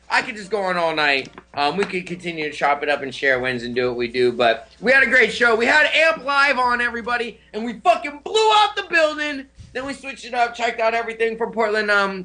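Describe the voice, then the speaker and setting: A man's voice: high-pitched, bright, forceful tone. A man hosting a live-stream show, chatting casually, laid-back and profane, laughing often. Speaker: host.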